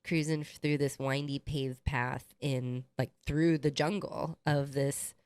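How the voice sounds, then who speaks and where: A woman's voice: low voice, takes it slowly, smooth, no echo, studio quality. A woman in her thirties co-hosting a podcast, chiming in and animatedly acting out what people said. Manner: animated, chimes in, acts out quotes. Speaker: podcast co-host. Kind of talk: casual chat.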